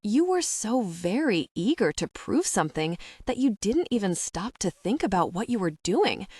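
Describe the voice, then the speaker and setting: A woman's voice: medium pitch, big pitch swings, moderate pace, darkish tone, breathy edge, no echo, studio quality. A woman voicing a hurt young woman who accuses her boyfriend, tearful and upset.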